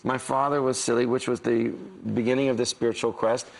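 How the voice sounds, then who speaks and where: A middle-aged man, a guest on a talk show, chatting in a quick, joking and self-mocking way. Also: mid-range voice, flat delivery, low-quality recording.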